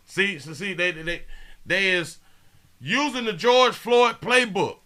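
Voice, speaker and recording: A man's voice: high-pitched, slow pace, pushed and bright. A man hosting a live show, talking loosely and straight to his viewers as he comments on video footage. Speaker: show host.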